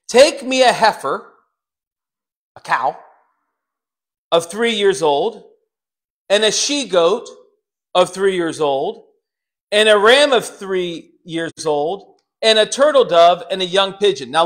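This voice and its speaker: A man preaching a sermon, talking straight to his congregation and acting out the quotes he tells. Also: high voice. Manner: animated, dramatizes quotes with put-on voices; talks directly to congregation members. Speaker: pastor.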